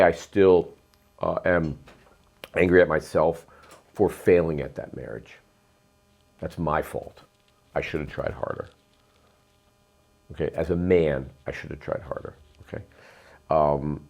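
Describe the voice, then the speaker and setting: A man's voice: a bass voice, gravelly, a little mellow. A middle-aged man, a real estate investor, telling long rambling stories in an interview, emphatic and full of ums and uhs. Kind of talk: storytelling interview.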